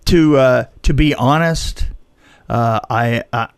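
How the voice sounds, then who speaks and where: A man co-hosting a podcast in casual chat, talking haltingly with many fillers and restarts. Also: medium pitch, clean tone, no room sound, studio quality. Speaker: podcast co-host.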